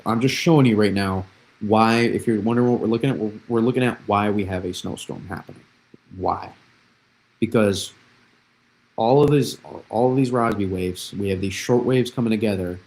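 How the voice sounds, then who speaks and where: A young man with a fairly low, slightly mellow voice hosts a live weather analysis stream, explaining patterns as a forecaster. He repeats phrases and restarts often, and the recording quality is low.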